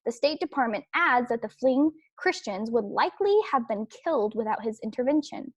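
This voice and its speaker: A woman's voice: on the high side, expressive, brisk, husky, no room sound. A young adult woman hosting an opinion podcast, talking emphatically and repeating herself, with frequent restarts and fillers. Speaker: podcast host.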